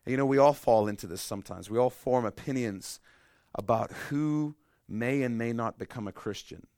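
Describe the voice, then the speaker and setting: A middle-aged male pastor preaching a sermon, telling stories with self-deprecating humor and swinging between loud emphasis and hushed, quiet stretches. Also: mid-range voice, normal speed, no room sound, studio quality.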